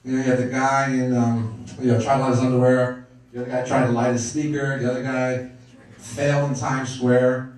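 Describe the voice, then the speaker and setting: A middle-aged stand-up comedian from Brooklyn, New York, works the crowd on a comedy club stage with a brash, wisecracking set. His mid-range voice is level, fairly quick, and a little mellow. The recording is echoey, as if captured from far off in the club.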